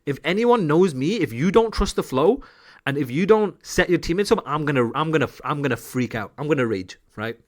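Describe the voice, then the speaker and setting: A man, an esports coach, breaking down gameplay for viewers in an excitable, repetitive, profane way, joking as he goes. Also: a little high, fairly quick. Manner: laughs and jokes while analysing.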